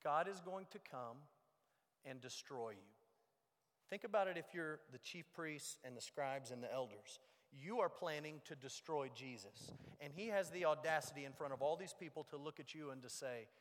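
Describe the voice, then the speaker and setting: A man preaching a sermon as pastor, moving between loud emphasis and hushed low lines. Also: normal speed. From United States. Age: young adult or middle-aged. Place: church sanctuary. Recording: long reverb of a large hall.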